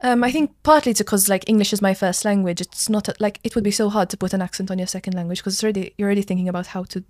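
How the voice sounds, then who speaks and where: A woman's voice: medium pitch, fairly even intonation, rapid-fire, a little mellow, no echo, studio quality. A young woman from Malta with a Maltese accent, a drama student chatting casually on a podcast and explaining at length with lots of "like" fillers. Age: young adult. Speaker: drama school student guest.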